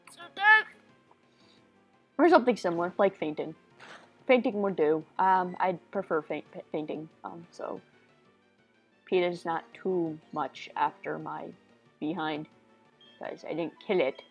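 A woman giving casual, goofy, excitable commentary while she plays a video game, often talking to the characters on screen. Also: on the low side, breathy edge, dull audio. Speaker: let's play gamer.

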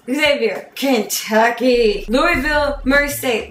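A woman's voice: high voice, slow pace, few pauses, a bit bright, roomy sound, soft background music. A woman vlogger from near Philadelphia, chatting casually with playful, sarcastic asides. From United States, near Philadelphia. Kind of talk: casual jokey vlog.

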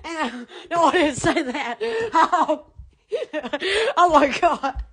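A woman's voice: high voice, animated, slow pace. A woman chatting casually on a live stream from her phone, giggling, squealing and rambling. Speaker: shop owner streaming live.

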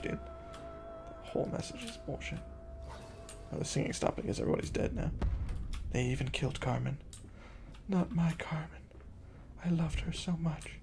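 A man streaming a horror game, shouting profane jokes at the characters and reacting with loud excitement. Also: mid-range voice, vocal fry. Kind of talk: live gameplay commentary. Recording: game music underneath. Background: horror game music and sounds.

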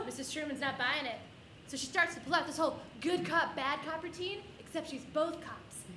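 A woman's voice: high voice, moderate pace, hardly any pauses, a crowd in the background. A woman giving a live, comic personal storytelling performance on stage before an audience. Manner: comic, animated, with audience laughter between lines. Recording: echoey room with background noise.

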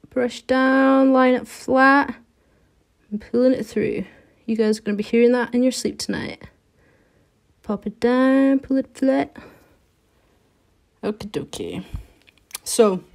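A woman talks through a live nail art lesson, chatty and relaxed as she works, narrating each brush stroke step by step. Her voice sits a little high and her delivery is slow and unhurried. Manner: chatty, step-by-step instructions while working.

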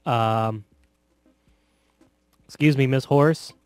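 A man's voice: medium pitch, extremely slow, clean tone, no echo. Sarcastic man joking through a game. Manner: sarcastic, joking, bursts of loud laughter. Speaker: gameplay commentator. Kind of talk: casual let's play commentary.

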